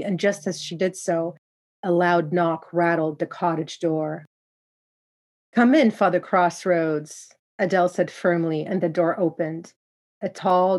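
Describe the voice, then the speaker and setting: Brief: woman narrator, low and level, calm measured storytelling. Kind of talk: first-person story narration.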